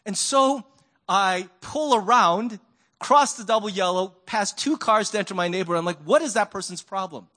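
A man's voice: high-pitched, normal speed, bright, forceful tone. A man preaching a conversational sermon, telling stories and asking rhetorical questions. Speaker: pastor.

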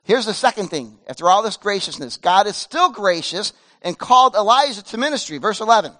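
A man in his fifties preaching a casual, earnest sermon as pastor, swinging between loud pleading and hushed softness. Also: high voice, lively intonation, brisk. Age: 50s.

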